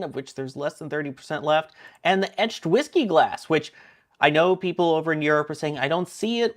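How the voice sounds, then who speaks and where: Joking man with a New York accent. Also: a little high. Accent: New York area. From New Jersey, US. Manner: joking, reads out viewer purchases. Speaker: livestream host. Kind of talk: casual chat.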